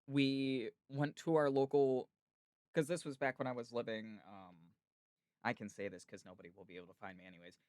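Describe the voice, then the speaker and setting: A man hosts a casual podcast and talks in long, rambling stories. His voice sits at a middle pitch. The sound is dry and close, with no room echo. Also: steady tone, normal speed, a little mellow, smooth. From United States. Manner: rambling, chatty storyteller. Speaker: podcast host. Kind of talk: casual chat.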